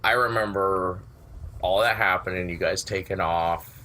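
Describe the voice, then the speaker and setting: A man hosting a podcast, asking a question in a halting, relaxed way as he recalls a shared night. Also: sits low, a little hiss or hum. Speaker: podcast host. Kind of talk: casual interview chat.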